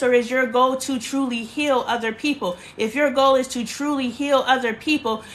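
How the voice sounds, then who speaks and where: A woman with a high, slightly bright voice runs a casual livestream from her bedroom. She speaks emphatically, almost preaching, and keeps repeating herself.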